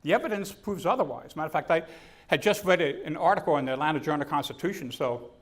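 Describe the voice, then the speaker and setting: A man's voice: a little high, fast talker, slight background noise. A man giving a comedic keynote speech to a conference audience, telling stories and acting out the people in them. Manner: storytelling, animated, acts out quotes. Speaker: keynote speaker. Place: conference stage.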